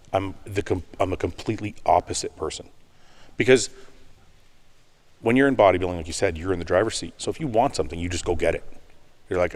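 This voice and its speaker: Middle-aged man, very low voice, intense animated talker, casual interview guest. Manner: intense, animated storytelling with rising emphasis. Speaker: podcast guest, bodybuilder turned business owner. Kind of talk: candid conversational interview.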